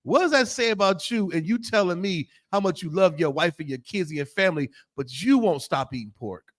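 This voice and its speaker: A man leads a Bible law class, swearing freely and firing off rhetorical questions. His voice sits high and swings widely up and down as he preaches. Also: expressive, brisk. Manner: blunt, profane, rhetorical questions. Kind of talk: fiery preaching lesson.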